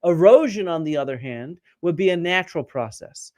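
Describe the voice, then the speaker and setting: A man's voice: fairly high pitch, animated, normal speed, a little mellow, no room sound. A man hosting a live-streamed archaeology lecture, explaining step by step, quizzing viewers and answering their comments. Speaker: archaeologist host.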